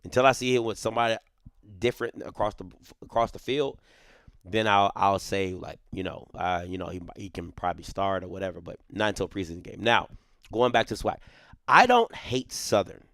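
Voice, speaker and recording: A man's voice: lowish voice, animated, fairly quick, a bit bright, dry recording, clean studio sound. A man hosting a sports show, giving casual, opinionated commentary. He talks emphatically, repeats his points, restarts sentences and often tags them with "right?".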